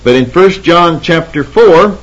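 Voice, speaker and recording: A man teaching a Bible sermon in a fairly high voice. He reads scripture slowly, cites chapter and verse, and repeats words for emphasis. The sound is dull and lo-fi, like an old tape. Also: expressive.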